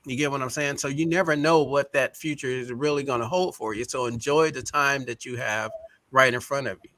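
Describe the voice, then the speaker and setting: Bright-voiced man, heartfelt co-host. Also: medium pitch, brisk, no echo. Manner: heartfelt, rambling, emotional. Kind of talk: casual chat.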